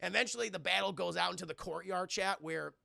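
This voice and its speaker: A man's voice: high voice, fast talker, gravelly, sharp tone, no echo, studio quality. A man streaming a casual, profane scene-by-scene film review, talking to his chat. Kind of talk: casual live-stream movie commentary.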